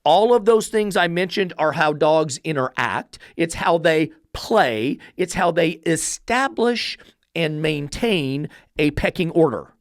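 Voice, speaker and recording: A man gives a lecture on dog training in a blunt, profane, emphatic way, firing rhetorical questions at the listener. His voice sits somewhat high for a man. The recording is dry and close. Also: no echo. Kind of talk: instructional monologue.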